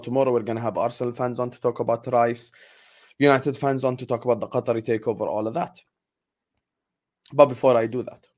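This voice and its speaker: A young man venting as host of a football fan channel, angry and emphatic, hammering the same lines again and again. His voice sits at an ordinary middle pitch for a man. He swings between loud bursts and quieter, simmering stretches. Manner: angry, repetitive, emphatic outbursts. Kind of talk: heated fan rant.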